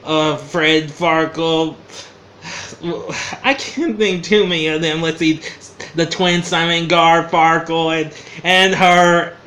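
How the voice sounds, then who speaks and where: A man with a bright, fairly high voice talks through an old comedy show in a casual vlog. He rambles at a slow, easygoing pace, chuckling and losing his train of thought. Faint hiss in the background. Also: fairly even intonation. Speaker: vlogger reviewing an old TV show.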